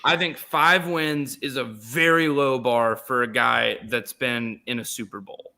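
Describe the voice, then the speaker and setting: A man's voice: mid-range voice, steady tone, unhurried, gravelly, pushed and bright. A young man co-hosting a casual sports podcast, opinionated and emphatic, repeating words for stress. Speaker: podcast co-host.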